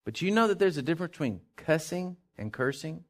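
Male pastor preaching, lively up-and-down voice, hushed then loud. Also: on the high side, brisk. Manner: animated preaching, swings from hushed to shouted. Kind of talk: sermon.

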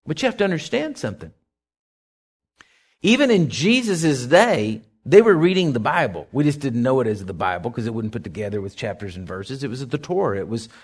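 Animated folksy preaching man. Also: medium pitch. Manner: folksy, conversational preaching with asides and questions to listeners. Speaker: pastor. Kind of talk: sermon.

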